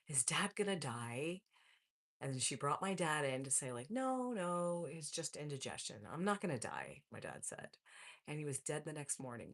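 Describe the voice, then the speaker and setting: A woman in her forties with a low-pitched voice hosts a casual live stream. She reads viewer comments and answers them in an upbeat, friendly way, calling the viewers folks. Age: 40s.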